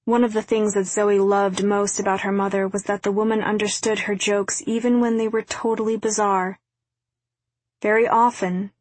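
A woman reading a novel aloud as narrator, in a quiet, even storytelling delivery. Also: medium pitch, no room sound. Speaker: audiobook narrator. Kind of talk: scripted narration.

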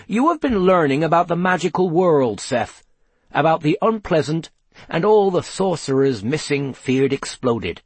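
A man's voice: a little high, expressive, unhurried, breathy edge, no room sound, voice pushed up, heavily acted. A man voicing a chatty, grumbling magical inspector who rambles in a wry, conspiratorial way. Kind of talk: audiobook character voice.

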